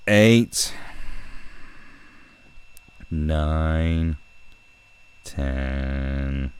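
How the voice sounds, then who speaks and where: A man's voice: very deep voice, very slow, a little hiss or hum. A man ranting sarcastically and swearing heavily as he reads and picks apart statistics on a live stream.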